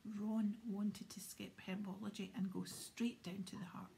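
A woman reading a children's novel aloud in a soft, steady whisper. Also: medium pitch, unhurried, creaky, a little hiss or hum. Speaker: audiobook narrator.

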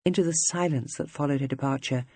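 Husky measured audiobook narrator. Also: medium pitch, no room sound, studio quality. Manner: measured, even literary reading. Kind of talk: scripted narration.

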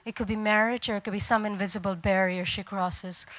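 A woman comedian performing a stand-up set with deadpan delivery. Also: medium pitch, fairly quick.

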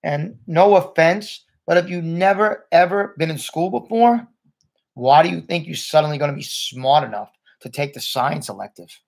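A man's voice: on the high side, moderate pace, gravelly, voice pushed up. A man doing a snide, mocking schoolboy. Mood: prying. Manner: taunting, mocking. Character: snide sarcastic schoolboy, about ten.

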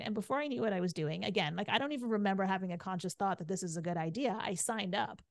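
A woman's voice: mid-range voice, fast talker, vocal fry, hardly any pauses, no room sound. A middle-aged woman guesting on a podcast, telling her story candidly and chattily, with "like" and "right?" in nearly every sentence.

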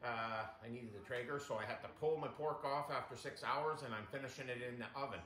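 This cooking show host speaks briskly in a mid-range voice, running a relaxed demonstration from his own kitchen and addressing viewers as "you guys." The room echoes, and loud sizzling from the pan fills the recording.

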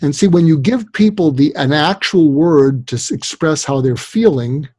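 An older man with a high-leaning, breathy voice speaks at a moderate pace as a psychiatrist guest in a podcast interview. No echo is present. Animated as he tells stories, he acts out the voices of whoever he's quoting.

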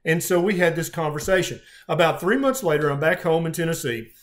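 A man's voice: on the high side, brisk. A middle-aged man, a physician telling a patient story in an earnest, emotional way with frequent restarts. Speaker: physician guest. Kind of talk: conversational storytelling.

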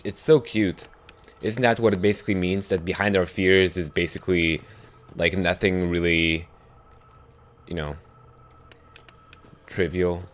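A young man talks through a horror game in a lively voice that jumps around a great deal. He mutters under his breath, then breaks into startled yelps. It sounds like casual let's play commentary into a desk mic. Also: on the low side. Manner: jittery, swings from hushed muttering to yelps. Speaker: gaming YouTuber.

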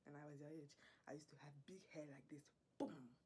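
In a whispered role-play, a woman puts on an African English accent to play a fussy, doting middle-aged African father who coaxes, pleads with, and fusses over the listener. Her own voice is low and mellow, with fairly even intonation and a slightly fast pace, close to how she'd normally talk. There's a faint hiss or hum.

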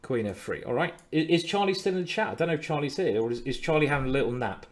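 A man's voice: on the high side, animated, fast. Chatty man coaching chess. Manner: chatty, repeats words, playful. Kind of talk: casual live-stream commentary.

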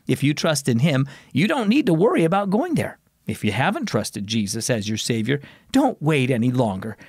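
A man's voice: fairly high pitch, no room sound, studio quality. A man hosting a children's devotional program, narrating scripted stories in an upbeat, friendly way. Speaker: host.

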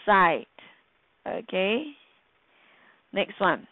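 A woman's voice: mid-range voice, lively intonation, extremely slow, no echo. A woman teacher with a Singaporean English accent, patiently quizzing students in a recorded grammar lesson. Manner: patient, quizzing the class, acting out quoted lines. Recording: tinny phone-like dry sound.

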